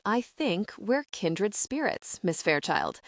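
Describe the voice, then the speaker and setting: Woman doing a cocky young billionaire guy, assured, smooth, low-key, audiobook romance, dry close sound. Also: wildly swooping pitch, takes it slowly, dry recording. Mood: teasing. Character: confident, teasing young male billionaire.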